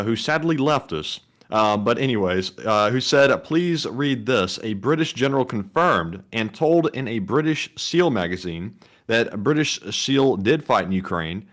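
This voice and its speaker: Relaxed male co-host. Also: mid-range voice. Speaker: co-host reading super chats. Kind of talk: casual live-stream chat.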